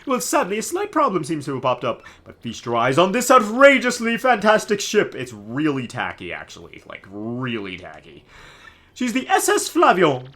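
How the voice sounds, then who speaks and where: A man doing a vain, boastful rich merchant who speaks in grand, flowery phrases and swoops wildly up and down in pitch. The tone is bright and forceful, pitched well above the man's own voice. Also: huge pitch swings, moderate pace, full character voice. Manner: theatrical, boastful, flowery speech. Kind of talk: reading game dialogue aloud in voices.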